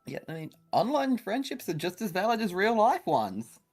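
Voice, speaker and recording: A man's voice: high voice, big pitch swings, moderate pace, faint music behind. A man with an Australian accent chatting casually as a guest on a stream call, laughing often. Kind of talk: casual chat.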